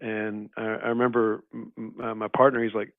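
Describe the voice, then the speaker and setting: A man's voice: on the low side, flat delivery, brisk, no echo. A man rambling through stories in an easygoing podcast chat, leaning on "you know" and "like" as he goes. His voice comes through a thin, phone-like line with no room sound around it. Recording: tinny phone-like line, dry.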